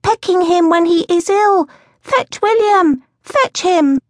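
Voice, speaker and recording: A woman narrator voicing an earnest small boy who speaks slowly in a high, childlike voice. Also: dry recording, studio quality. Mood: distressed. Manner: slow, high childlike pleading.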